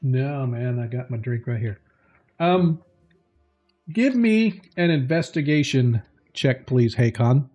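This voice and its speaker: A man narrating a tabletop game as game master, slow and halting with many fillers. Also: medium pitch, lively intonation, a little mellow, faint music behind.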